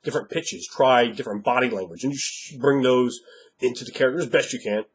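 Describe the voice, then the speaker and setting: A man coaches other game masters in a blunt, emphatic monologue and swears freely to drive his points home. His voice is husky and a little hoarse from a recent cold. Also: medium pitch, moderate pace. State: slightly hoarse after a cold. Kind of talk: instructional monologue.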